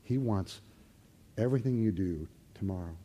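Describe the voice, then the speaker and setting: A man preaching a sermon to a live congregation, leading call-and-response and swinging from loud exclamations to hushed near-whispers. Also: lowish voice, moderate pace, slight background noise. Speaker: pastor. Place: church hall before a live congregation.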